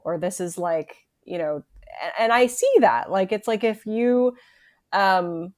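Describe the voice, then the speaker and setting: A woman's voice: medium pitch, measured pace. A woman guest in a casual podcast chat, hesitant with many fillers and easy laughs.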